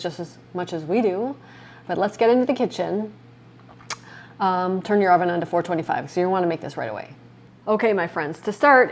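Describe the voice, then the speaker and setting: A woman's voice: mid-range voice, a little hiss or hum. Chatty middle-aged woman cooking at home. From Wisconsin, USA. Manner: chatty and upbeat, talks viewers through each step. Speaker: cooking vlogger. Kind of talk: casual cooking demonstration. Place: home kitchen.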